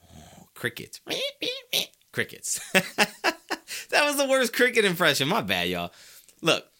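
A man's voice: high voice, measured pace. A man hosting a solo sports talk show, arguing his points with rhetorical questions and casual slang aimed straight at his listeners. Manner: animated, argumentative, asks rhetorical questions.

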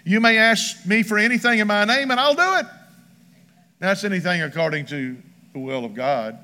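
A man's voice: sits high, moderate pace, sharp tone. A man preaching a sermon as pastor, emphatic and rhythmic, reading scripture aloud. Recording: long church hall reverb.

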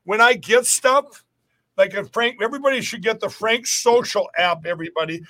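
Middle-aged male guest, high and bright-voiced, rambling, emphatic, restarts a lot. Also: moderate pace. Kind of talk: podcast interview talk.

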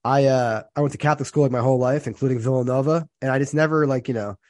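A podcast co-host in his thirties from New Jersey talks quickly and thinks aloud. He is reflective and often repeats his phrases. He is recorded close and dry. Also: mid-range voice, steady tone, a little mellow, no echo. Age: 30s. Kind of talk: casual chat.

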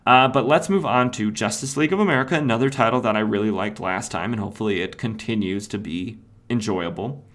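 Rambling lowish-voiced male podcast host. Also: a little fast, fairly bright tone. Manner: rambling, frequent "uh" fillers and self-corrections. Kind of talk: casual solo podcast recap.

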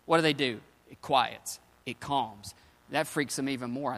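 A man preaching with a high, bright, forceful voice, telling the story in loose everyday slang. His words ring out with a long reverb, as in a large hall. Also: very animated, normal speed. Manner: casual storytelling, slangy paraphrase of scripture. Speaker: pastor. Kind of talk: sermon.

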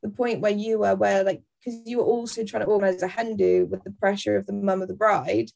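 A woman's voice: medium pitch, little pitch movement, a little fast, gravelly, darkish tone. A woman in her twenties, a podcast guest chatting bluntly with grumpy, sweary humour. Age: 20s. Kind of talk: casual chat.

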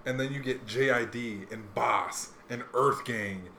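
A young man hosting a podcast, chatting casually in a rambling, animated way with lots of fillers. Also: mid-range voice, a little slow. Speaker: podcast host. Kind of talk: casual chat. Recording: echoey room, faint noise.

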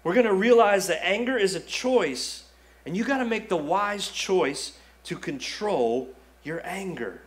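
A man's voice: high voice, animated, unhurried. A male pastor preaching a sermon in a conversational style, acting out quoted asides. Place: church sanctuary.

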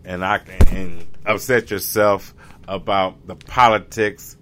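Speaking slowly in a low, fairly bright voice with fairly even intonation, this American man rambles through a casual vlog monologue. He restarts often and searches for words. There's a little hiss or hum in the recording.

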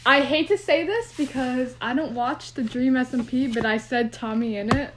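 A woman's voice: high voice, normal speed, noisy background. A young woman co-hosting a casual podcast, chatty and rambling, recorded without a proper microphone. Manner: chatty, rambling, laughs often. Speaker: podcast co-host. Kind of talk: casual chat. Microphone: no microphone, phone or computer.

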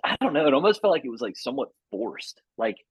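A man's voice: medium pitch, very animated, quick pace, slightly rough, dry recording, poor audio. A man co-hosting a casual sports chat, emphatic and full of fillers like "dude" and "like". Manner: emphatic, filler-heavy, says "dude" and "like" constantly.

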